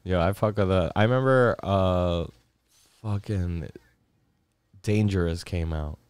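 A man's voice: low-pitched, slow, clean tone, no echo. A man telling a rambling, profane story in a casual podcast chat, acting out what people said. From Miami area. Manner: rambling, profane, acts out quotes loudly. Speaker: podcast co-host.

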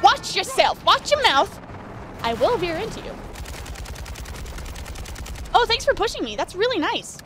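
A young woman streaming a shooter game, chatting casually, laughing and talking back to the game with sudden excited yelps. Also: extremely high pitch, unhurried, pauses often, a little hiss or hum. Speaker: streamer playing a shooter campaign. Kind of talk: casual let's-play commentary.

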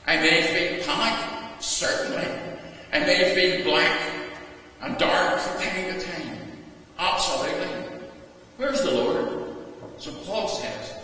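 A man, a rector, preaching a sermon in a measured, emphatic way, with repeated refrains. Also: sits high, animated, sharp tone. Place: large stone church. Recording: echoey church from far off.

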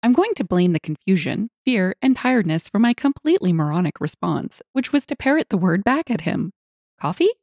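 A woman narrating internet stories aloud, with lively, expressive storytelling. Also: medium pitch, brisk, few pauses, no room sound, studio quality.

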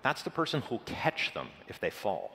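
A man giving a scripted conference keynote with dramatic, measured emphasis. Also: lowish voice, wildly swooping pitch, gravelly, pushed and bright. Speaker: conference presenter. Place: large conference hall. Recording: reverberant conference hall.

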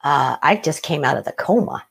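A middle-aged woman telling her own story as an interview guest, animated, laughing often and acting out what others said. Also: low voice, a little fast, gravelly, breathy edge. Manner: animated, laughs often, acts out quoted voices. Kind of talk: personal story in conversation.

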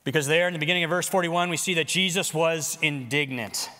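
A pastor preaches to his congregation in a conversational, animated way, with jokes along the way. His voice is bright and forceful and sits a little high for a man. The sound rings with the long reverb of a large worship hall. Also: a little fast. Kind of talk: sermon. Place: church worship center.

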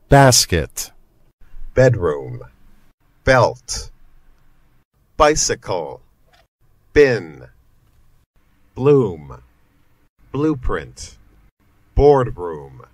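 Male vocabulary reader, very slow and deliberate, lowish voice, dry close recording. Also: very animated, no room sound. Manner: reads single words with long pauses, each carefully pronounced. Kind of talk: slow word-list reading for learners.

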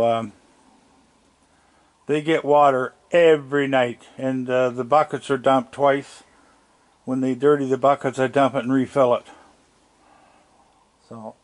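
An older man, chatting casually outdoors at his house, plainspoken, coaxing the animals gently as he talks. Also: medium pitch. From Nova Scotia, Canada. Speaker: wildlife vlogger. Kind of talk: casual talk while feeding raccoons.

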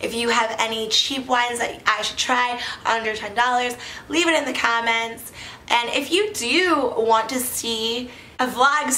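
A giddy young woman in her twenties rambles happily to camera, her fairly high, bright voice tumbling through fillers and laughs. She sounds like she is in an echoey room with a faint hiss behind her. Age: 20s. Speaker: wine review vlogger. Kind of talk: casual vlog chat.

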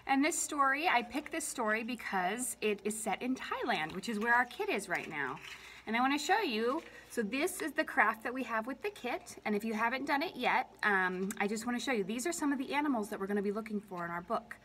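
A woman's voice: a little high, expressive, a little fast, a bit bright, slight background noise. A woman librarian reads a picture-book lullaby aloud for children at story time. She makes playful animal sounds, uses a lilting sing-song reading, and asks the children questions along the way.

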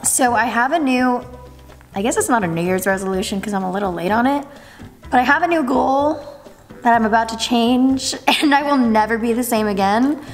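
A woman's voice: a little high, moderate pace, soft background music. A young woman in her twenties chatting casually to camera in a home vlog, upbeat and full of "like" and "literally". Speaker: vlogger. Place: home indoors.

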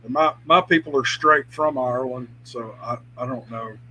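A man's voice: mid-range voice, normal speed, bright, forceful tone, rough recording. A man chatting casually on a podcast, talking about doing character voices with some self-doubt. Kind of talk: casual chat.

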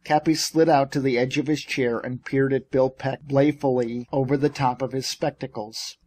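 A man narrating an audiobook in a measured, expressive storytelling manner. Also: mid-range voice, husky. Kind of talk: scripted narration.

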